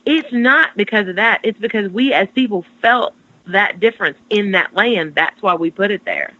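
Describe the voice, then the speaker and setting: A woman, a psychic co-hosting a casual podcast, telling stories in an animated way and swearing freely. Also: mid-range voice, moderate pace. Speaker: psychic co-host. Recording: dull lo-fi sound.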